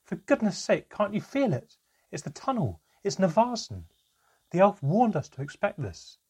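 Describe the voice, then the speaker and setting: A man's voice: high-pitched, very animated, moderate pace, a little mellow, husky, voice pushed up, exaggerated voice. A man voicing a protective mother in a storybook, talking urgently and pleading. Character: frightened woman, a mother, fierce and protective.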